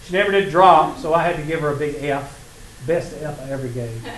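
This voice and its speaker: A Southern man lecturing a math class in a folksy, teasing way, his voice sitting a little high for a man. The room is echoey, with a faint hum of classroom ambience behind him. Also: fairly quick, fairly bright tone. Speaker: math instructor.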